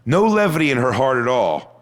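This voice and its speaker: A man doing a stand-up comedy routine, telling a crude story with punchlines that build to shouting. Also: medium pitch, big pitch swings, fairly quick.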